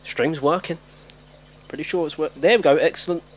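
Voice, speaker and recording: Talking a little fast in a voice on the high side, this male game streamer keeps up casual live-stream commentary. He's chatty and self-teasing, greets chat and calls viewers by name, with faint noise from his home mic.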